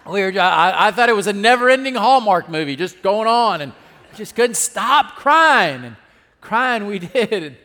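Pastor, male, high voice, preaching with "amen?" asides, swings from hushed to loud, long hall reverb. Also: big pitch swings, normal speed. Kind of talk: sermon.

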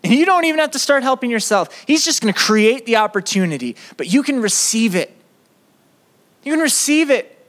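A young man preaching a sermon as a campus pastor, animated and acting out prayers in quoted voices. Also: very high voice, fast, few pauses. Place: campus ministry room.

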